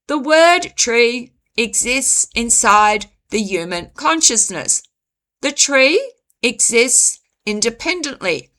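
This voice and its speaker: A woman hosting her own channel, reading a reflective commentary in a measured, deliberate way with frequent pauses. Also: sits high, big pitch swings, pushed and bright. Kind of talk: slow reflective commentary narration.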